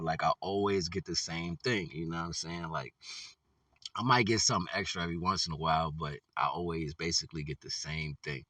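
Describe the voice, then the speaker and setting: A man casually telling a story on his vlog, relaxed and laughing often, full of "you know what I'm saying" fillers. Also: deep voice, fast talker, dry recording, far from the mic. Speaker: vlogger.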